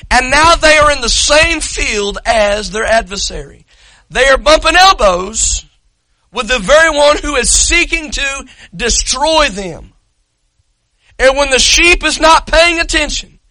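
A man preaching an impassioned sermon as pastor, telling a story dramatically and rising to shouts. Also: very high-pitched, no echo, poor audio. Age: adult parent.

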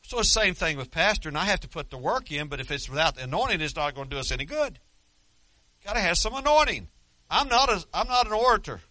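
A middle-aged man preaching a sermon as pastor, folksy and joking, building to loud, emphatic passages. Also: high voice, very animated, fast, no echo.

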